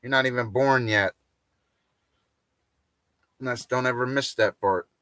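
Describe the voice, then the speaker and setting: Brief: rambling livestream host, crude jokes, loose banter, dry close sound. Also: male voice, mid-range voice, slow pace, bright, forceful tone, no room sound. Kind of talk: casual livestream rant.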